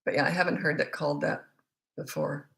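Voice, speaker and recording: A woman's voice: low voice, little pitch movement, fairly quick, vocal fry, fairly bright tone. A woman, a parenting coach, chatting bluntly as she reads out viewer comments and answers them. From Australia. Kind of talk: casual live Q&A chat. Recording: roomy echo.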